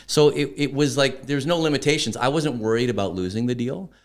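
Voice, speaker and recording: A man's voice: mid-range voice, a little fast, hardly any pauses. A man in his fifties telling stories as a podcast guest, chatty and full of restarts and asides. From Canada. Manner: lively anecdotes with frequent restarts and "you know". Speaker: podcast guest, country singer. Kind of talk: casual storytelling interview.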